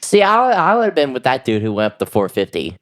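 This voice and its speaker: A man riffs as podcast co-host with crude, profane humor. His pitch swings around a lot as he jokes, and it sits at a middling level for a man. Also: huge pitch swings, fast talker. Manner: crude jokey banter, swears freely. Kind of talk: casual podcast banter.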